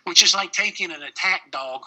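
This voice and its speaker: A man's voice: high voice, moderate pace, pushed and bright, rough recording. A middle-aged man, a paramedic, telling a personal story in an interview, plain-spoken with many fillers.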